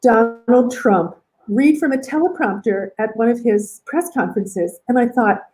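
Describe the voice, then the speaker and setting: A woman's voice: a little high, a little slow, dark tone, poor audio. A woman artist speaking as a guest on a video call, thoughtful and wry. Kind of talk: casual video call interview.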